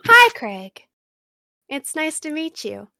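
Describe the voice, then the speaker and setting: A woman's voice: sits high, big pitch swings, slow, vocal fry, bright, forceful tone, no room sound, clean studio sound, full character voice. A woman voicing a smug, all-knowing female supercomputer that talks in a cheery, playful, teasing way.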